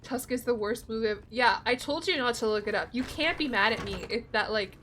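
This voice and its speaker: A woman's voice: fairly high pitch, brisk, a bit bright, slight background noise. Chatty young woman streamer, casual and sweary. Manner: chatty, swears freely, answers chat. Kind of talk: casual gameplay commentary.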